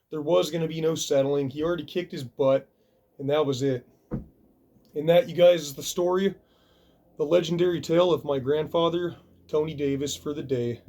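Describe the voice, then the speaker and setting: A man's voice: a little high, mellow, slight background noise. A man vlogging, telling a story casually and acting out the punches with sound effects. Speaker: video reviewer.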